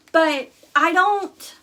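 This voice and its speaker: A woman's voice: very high voice, sharp tone. A young woman hosting a casual live stream, talking bluntly and candidly with lots of fillers.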